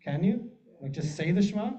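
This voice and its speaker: A rabbi leads a group class in a synagogue classroom, teaching casually with plenty of humor, chatty and jokey, often asking the group questions. His voice is slightly high, mellow and lively in intonation, and he speaks briskly. The room recording is muffled and lo-fi.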